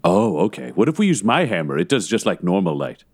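A man doing a laid-back adventurer who carries a hammer, from a tabletop game. He speaks in a low, casual, offhand way and is hard to rattle. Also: very animated, fairly quick, darkish tone, husky, full character voice. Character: easygoing male adventurer with a hammer.

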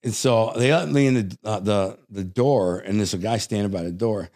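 A man from the Detroit area, a guest telling casual stories, animated and swearing, acting out the voices of people he quotes. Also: lowish voice, moderate pace. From Detroit area, United States. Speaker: interview guest. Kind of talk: casual storytelling.

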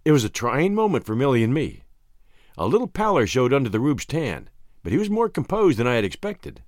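Man narrator, audiobook, first-person story, very animated pitch, dry close sound. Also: fairly quick, no echo. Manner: expressive storytelling with wide pitch swings.

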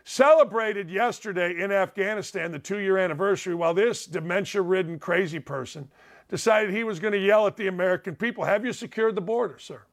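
Combative talk show host, high voice. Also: male voice, fairly quick. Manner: combative, sarcastic, rhetorical questions. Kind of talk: opinionated commentary.

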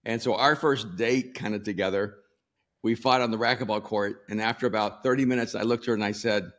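A man in his sixties from El Salvador, a pastor telling stories in an interview, laughing often and pausing with ums. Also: lowish voice, fairly even intonation. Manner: warm storyteller, laughs often, many ums and restarts. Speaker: pastor and author. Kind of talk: storytelling in a sit-down interview.

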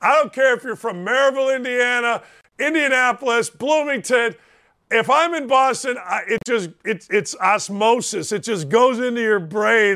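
A man hosting a sports talk show, brash and excitable, often raising his voice for emphasis. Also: very high voice, normal speed, smooth. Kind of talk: loud casual sports talk.

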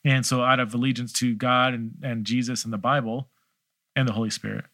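A man's voice: mid-range voice, little pitch movement, brisk, fairly bright tone, dry recording. A middle-aged man hosting a listener Q&A, talking in a thoughtful, hesitant way with many restarts. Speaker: podcast host answering listener questions. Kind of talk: casual theological Q&A.

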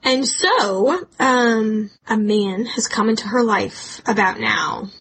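A woman co-hosting a podcast, telling history in a lively chat with quick asides. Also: on the high side, creaky, slightly rough, poor audio. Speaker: podcast co-host.

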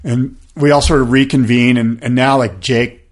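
A man in his fifties spins a long anecdote on a podcast, casual and loose. He acts out the other people's voices as he goes and leans on fillers like "like" and "you know." His pitch sits in the middle of the male range. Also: normal speed. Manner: animated, acts out quoted voices, many fillers. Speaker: podcast host. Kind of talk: casual storytelling chat.

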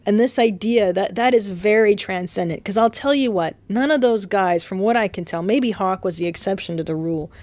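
A woman hosts her own podcast, talking off the cuff and rambling from one thought to the next. Her voice sits at an ordinary middle pitch, and the sound is dry and close, with hardly any room around it. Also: darkish tone, dry recording. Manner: rambling, chatty, swearing, fillers and restarts. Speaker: podcast host. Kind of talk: casual solo podcast monologue. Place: hotel room.

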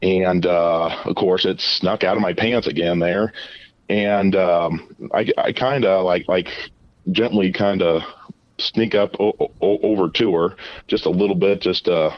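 A man calling in to a podcast, telling a personal story in a halting way full of fillers and repeated words. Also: sits low, fairly even intonation, muffled recording. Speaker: caller. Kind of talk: casual confessional storytelling. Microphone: phone call.

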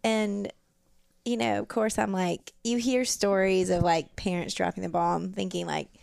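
A woman's voice: medium pitch, level tone, measured pace, gravelly, darkish tone, dry recording. A woman guest on a podcast, casually telling a family story and laughing often. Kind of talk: casual chat.

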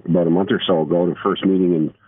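Deep-voiced man on a tinny phone line. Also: flat delivery, racing, no room sound. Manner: hesitant, with fillers. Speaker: guest on phone. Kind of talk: phone-in interview.

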